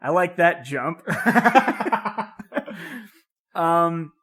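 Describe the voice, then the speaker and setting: A laid-back young man co-hosting a podcast, relaxed and casual, swearing offhandedly as he tells anecdotes. His voice sits slightly high for a man. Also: drawn-out words. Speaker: podcast co-host. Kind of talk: casual chat.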